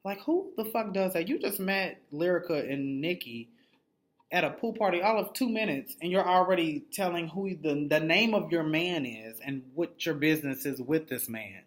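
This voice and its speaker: A man's voice: fairly high pitch, expressive, moderate pace. A man recaps a reality show episode in a loose, foul-mouthed way. He is blunt and gossipy and keeps acting out the lines of the people he talks about. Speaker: TV recap reviewer. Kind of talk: casual, profanity-heavy reality show recap.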